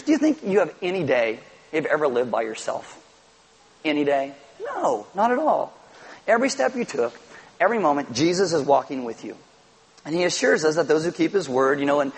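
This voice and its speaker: A man's voice: a little high, husky, low-quality recording. A middle-aged man preaching a sermon to his congregation, telling stories and acting out little quotes. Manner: animated storytelling with acted-out quotes. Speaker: pastor.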